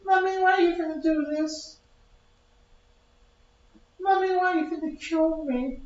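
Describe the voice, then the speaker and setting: A whiny little ghost baby begs and wails in a very high, childish voice. The sound is dull and lo-fi, with heavy echo around it. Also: male voice, fairly even intonation, a little slow. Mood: pleading. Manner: high wailing childish pleading.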